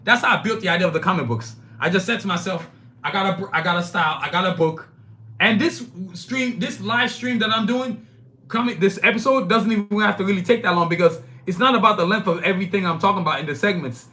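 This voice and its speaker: Brash, bright-voiced man ranting on a live stream. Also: high-pitched, fast. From Nigeria. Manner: emphatic, blunt and profane, talks straight to chat. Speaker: podcast host. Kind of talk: live-streamed solo podcast rant.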